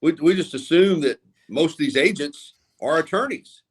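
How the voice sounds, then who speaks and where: A man's voice: fairly high pitch, moderate pace, crowd noise. Hedging, opinionated sports radio man. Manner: hedging, restarts often, opinionated. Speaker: guest sports radio host. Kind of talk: casual panel discussion.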